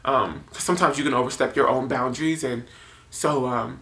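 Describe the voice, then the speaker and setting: A man's voice: medium pitch, a little fast, a bit bright. A man in his twenties telling a personal story in a casual confessional vlog, rambling with many filler words and nervous laughs. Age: 20s. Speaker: YouTuber. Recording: roomy echo.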